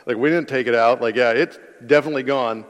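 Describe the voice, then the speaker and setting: A man's voice: medium pitch, quick pace, in a large hall, lightly acted. A man voicing defensive men who casually deny taking something. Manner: casual, offhand denials. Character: defensive group of grown men denying blame.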